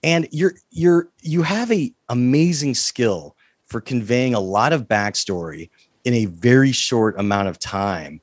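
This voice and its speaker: A man's voice: medium pitch, lively intonation, unhurried, no echo, studio quality. A man hosting an interview, asking direct questions and steering the conversation. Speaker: interview host.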